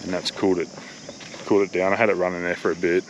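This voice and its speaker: A man's voice: sits low, little pitch movement, racing, muffled recording, slight background noise. An Australian man talking casually to the camera in a travel vlog, laid-back and plain-spoken, with a bit of mild swearing. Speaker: travel vlogger.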